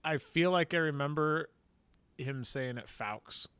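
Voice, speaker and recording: A man's voice: a little high, a little slow, a bit bright, smooth, no room sound. A man in his fifties co-hosting a casual podcast, chiming in with brief, easygoing remarks. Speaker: podcast co-host.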